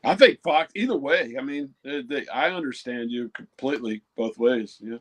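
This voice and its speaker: A man from the United States, a guest on a casual panel chat, telling anecdotes in a relaxed, slightly repetitive way. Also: mid-range voice, moderate pace. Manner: storytelling, a little repetitive. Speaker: guest presenter.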